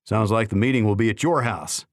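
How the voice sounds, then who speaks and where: A man voicing a friendly, brisk community leader who talks in an upbeat way. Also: on the low side, dry recording, studio quality, lightly acted.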